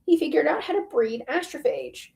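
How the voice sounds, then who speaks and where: A woman's voice: high voice, expressive, moderate pace, vocal fry, darkish tone. Brief: woman reading a matter-of-fact commander, no-nonsense delivery. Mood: curt. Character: brisk, blunt woman in charge of a meeting.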